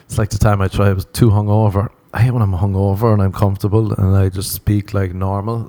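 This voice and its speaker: A man's voice: fairly low pitch, flat delivery, fast, few pauses, warm tone, no echo. A young Irish man telling crude, self-mocking comic stories and laughing at his own jokes. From Ireland. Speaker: comedian. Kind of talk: comedic monologue.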